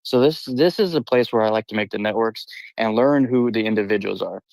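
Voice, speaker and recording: A friendly man with a slightly low voice joining a stream from work, chatting enthusiastically in crypto slang. The recording is dry. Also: brisk, vocal fry, a little mellow, dry recording, rough recording. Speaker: guest. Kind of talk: casual chat on a live audio stream.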